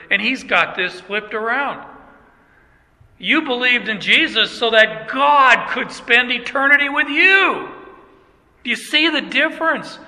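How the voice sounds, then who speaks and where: An older pastor with a high, bright, forceful voice preaches in a church, casual and joking as he talks straight to his congregation. Long church reverb fills the recording.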